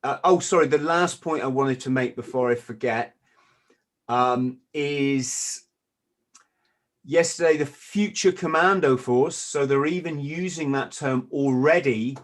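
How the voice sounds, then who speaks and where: A man hosting a podcast, reading out points and reacting to them. He stumbles and repeats words as he talks, and adds dry, sardonic asides. His voice sits at an ordinary middle pitch. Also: measured pace. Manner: stammers and restarts, sardonic asides. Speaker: podcast host. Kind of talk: casual podcast discussion.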